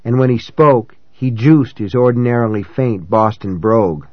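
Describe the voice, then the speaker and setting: A man of middling pitch narrates a novel in first person, calm and reflective. His delivery is measured and even. The recording is dry, close and slightly dull. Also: no echo. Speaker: audiobook narrator.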